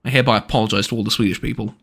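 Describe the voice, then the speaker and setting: A man's voice: fairly low pitch, steady tone, very fast, a bit bright, husky. Rambling, sarcastic male game streamer. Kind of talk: live let's-play commentary.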